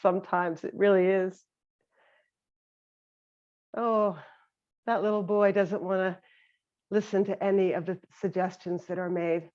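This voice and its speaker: A woman meditation teacher giving a gentle, reflective talk on compassionate listening. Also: mid-range voice, steady tone, unhurried, pauses often. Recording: slightly dull lo-fi sound.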